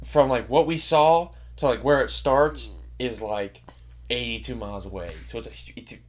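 A young man chatting casually, rambling with lots of filler words and quick laughs. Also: medium pitch. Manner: gets loud and heated when arguing. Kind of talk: casual chat.

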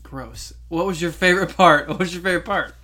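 Young adult, casual chat, bright voice, jokey and teasing. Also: medium pitch, fairly quick. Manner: teasing, jokey, interrupts with silly guesses.

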